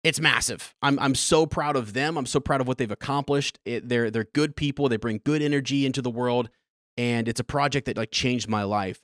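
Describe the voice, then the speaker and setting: Male podcast host, 30s, mid-pitched, earnest and rambling, dry close recording. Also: brisk, a bit bright, dry recording. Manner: rambling, earnest, emotional, with many restarts and laughs. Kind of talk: casual personal storytelling.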